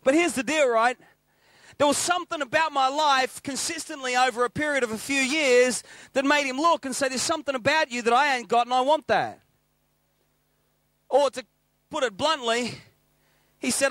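High bright-voiced preacher. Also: male voice, moderate pace, no echo. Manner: lively anecdotal, acts out quoted dialogue. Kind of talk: sermon storytelling.

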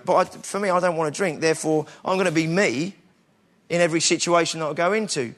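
A British preacher in middle age speaks quickly in a high-pitched, fairly bright voice. His sermon is conversational and informal, full of restarts and self-deprecating remarks, all in British English.

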